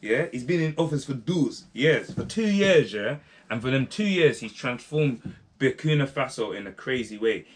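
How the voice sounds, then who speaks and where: A young man giving casual, slangy commentary to his viewers, rambling off topic and often asking them to comment. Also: medium pitch. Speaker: vlogger.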